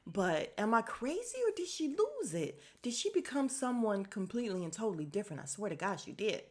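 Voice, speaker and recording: A woman's voice: medium pitch, sing-song, a little fast. A woman hosting a casual podcast, recapping a reality show bluntly and swearing freely. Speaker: podcast host.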